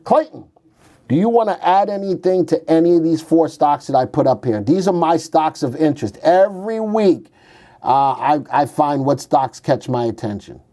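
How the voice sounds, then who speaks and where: A man's voice: fairly high pitch, expressive, moderate pace, dark tone. A man hosting a stock market show, talking casually through charts and cracking jokes with his co-host. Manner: wisecracking, slips into silly put-on voices.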